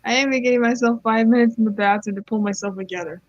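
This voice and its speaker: A woman's voice: fairly high pitch, fast, dry recording. A woman casually reading a Reddit story aloud, stumbling over words and giggling as she goes. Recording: slightly muffled, dry sound.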